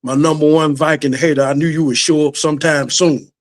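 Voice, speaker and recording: Man, high voice, podcast co-host, playful banter. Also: steady tone, moderate pace. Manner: playful trash talk. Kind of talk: casual sports banter.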